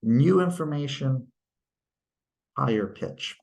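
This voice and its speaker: Speaking at a medium pitch, the man sounds expressive and slightly mellow while teaching in a recorded lecture. His delivery is unhurried and careful; he leans on tag questions while explaining and stops to act out sentences to illustrate intonation.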